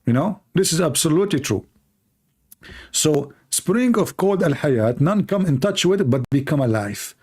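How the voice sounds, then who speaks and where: A man's voice: fairly high pitch, animated, moderate pace, darkish tone, breathy edge. A man hosting a livestream, giving mocking commentary in a sarcastic, jokey, repetitive way, with the grammar of a non-native English speaker. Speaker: livestream host.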